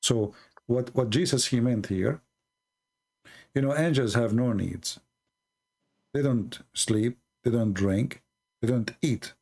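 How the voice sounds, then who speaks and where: Gravelly man preaching on a live call-in. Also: mid-range voice, darkish tone. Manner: earnest, explanatory, halting with fillers. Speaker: host of a live call-in religious stream.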